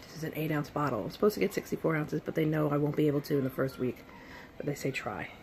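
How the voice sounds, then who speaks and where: Tired woman with a gravelly voice. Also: deep voice, fairly even intonation, a little mellow, a little hiss or hum. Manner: halting, rambling, with many fillers and restarts. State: tired and in pain after surgery. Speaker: vlogger. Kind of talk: casual recovery vlog. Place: at home, sitting in bed.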